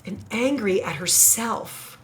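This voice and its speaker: Teacher thinking aloud, musing hesitantly. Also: female voice, medium pitch, lively intonation, takes it slowly, noisy background. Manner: musing, self-correcting, hesitant. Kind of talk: thinking aloud while writing an essay paragraph.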